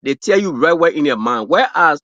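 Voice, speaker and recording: A man's voice: fairly high pitch, expressive, moderate pace, bright, forceful tone, no room sound. A man from Africa with an African accent, a guest chatting casually on a livestream, rambling with lots of fillers and restarts. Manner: rambling, full of fillers and restarts, laughs at his own stories. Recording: dull lo-fi, dry stream audio.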